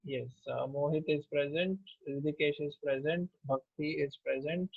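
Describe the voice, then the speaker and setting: Indian male instructor, slightly raised pitch, dry and lo-fi sound, runs an online class roll call. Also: moderate pace, creaky, husky, no room sound. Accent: Indian English. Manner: takes attendance name by name, with fillers. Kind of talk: online class, mixing Hindi and English.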